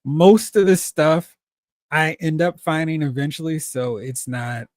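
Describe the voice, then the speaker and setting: A man's voice: fairly high pitch, unhurried, dry recording. A man hosting a casual toy-collecting livestream, reading chat comments aloud, laughing often and acting out exclamations.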